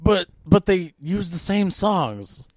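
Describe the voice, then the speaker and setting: Male podcast co-host, slightly high voice, dry close mic, exasperated and animated. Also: slow, no echo. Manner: animated, exasperated ranting with frequent fillers. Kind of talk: casual movie-rant chat.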